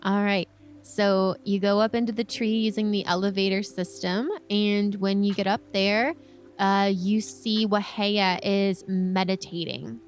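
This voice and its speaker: A woman running a tabletop game as dungeon master, narrating scenes in a relaxed, descriptive way. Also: medium pitch, unhurried, faint music behind. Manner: relaxed, descriptive storytelling with casual fillers.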